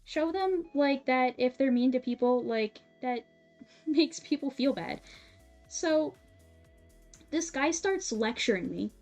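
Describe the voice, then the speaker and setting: A woman's voice: high-pitched, slow pace, long pauses. Chatty young woman telling a work story. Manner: animated, laughing often, many "like" fillers. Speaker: streamer. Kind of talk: casual storytelling while sewing. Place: home streaming setup. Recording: soft music behind.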